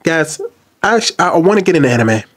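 A man commenting on a video clip to his viewers, jumping between loud outbursts and low, quiet asides. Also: big pitch swings, brisk. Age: adult. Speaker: reaction commentator. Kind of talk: casual commentary to camera.

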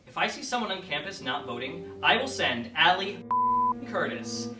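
A young man rants aggressively and profanely in a scripted comedy bit, his pitch leaping around. The voice sounds roomy and a little distant from the mic, with music underneath. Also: very animated, fairly quick. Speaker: student election announcer.

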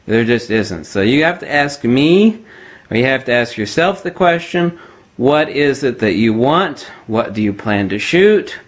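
A man's voice: medium pitch, expressive, measured pace. A man ranting emphatically and sardonically in a casual camera-gear vlog. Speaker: photography vlogger. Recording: roomy echo, mic at a distance.

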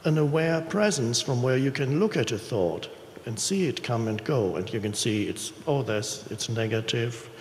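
A man speaking calmly about spiritual awareness, in measured phrases with deliberate pauses. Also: medium pitch, slight background noise. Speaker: speaker on stage. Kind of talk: spiritual talk. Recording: echoey hall recording.

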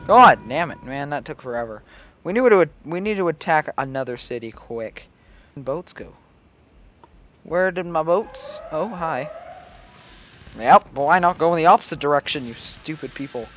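This is a man doing let's play commentary, his voice sitting somewhat high for a man. He talks excitably, drops into quiet grumbling and then breaks into sudden shouts. A faint background hiss runs under the recording. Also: moderate pace. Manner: excitable, swings between mumbling and sudden yells. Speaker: gaming channel host.

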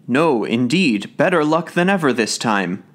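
A man's voice: mid-range voice, animated, measured pace, a bit bright. A man doing an earnest young peasant lad.

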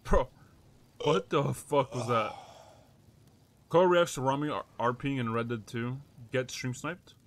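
A male streamer casually reacting to clips and thanking viewers, excitable and cussing. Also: mid-range voice, measured pace, pauses often, slight background noise.

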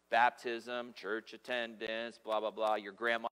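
A man's voice: medium pitch, fairly even intonation, normal speed, few pauses, fairly bright tone, smooth. Emphatic male pastor in reverberant hall. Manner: emphatic, conversational preaching with humorous asides. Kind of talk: sermon. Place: church sanctuary. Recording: long reverb of a church hall.

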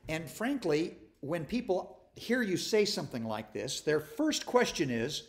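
Folksy, animated male Bible teacher. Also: fairly high pitch, unhurried, vocal fry, few pauses. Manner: folksy, conversational, self-deprecating humor; stumbles and restarts often. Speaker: pastor leading a Bible study. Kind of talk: informal sermon.

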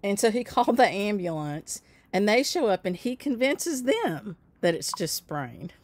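A woman's voice: medium pitch, very animated, unhurried. A woman in her fifties telling a long personal story in casual chat with her viewers, laughing often and answering their comments by name. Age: 50s. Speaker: host of a stitching channel.

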